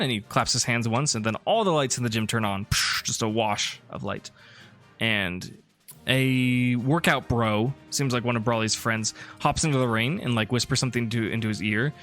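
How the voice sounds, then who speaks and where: A man's voice: mid-range voice, normal speed, faint music behind. Laid-back male game master. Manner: relaxed, rambling with fillers. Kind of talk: narrating a tabletop game.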